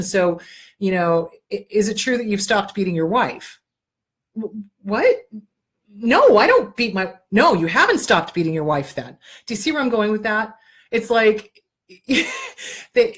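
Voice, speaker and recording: Blunt, emphatic woman giving advice. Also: mid-range voice. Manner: blunt, emphatic, swears freely, repeats for emphasis. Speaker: host. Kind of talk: advice talk show.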